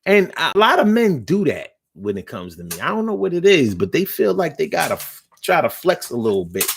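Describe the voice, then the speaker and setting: Animated, slangy, profane man. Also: fairly high pitch, fairly quick, vocal fry, a little hiss or hum. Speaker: livestream host reading chat. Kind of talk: casual livestream chat.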